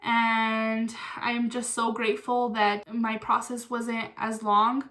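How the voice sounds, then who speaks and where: A young woman from Mexico tells a story casually, straight to the camera. Her voice sits a little on the high side. She acts out the lines she quotes as she goes. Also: little pitch movement, slow pace, fairly bright tone. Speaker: vlogger.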